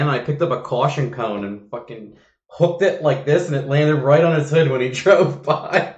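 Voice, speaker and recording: A man hosting a casual podcast chat, telling stories in a lively way and acting out what people said, with swearing. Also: medium pitch, moderate pace. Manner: animated, acts out quotes with swearing. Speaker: podcast host. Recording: roomy, dull lo-fi sound.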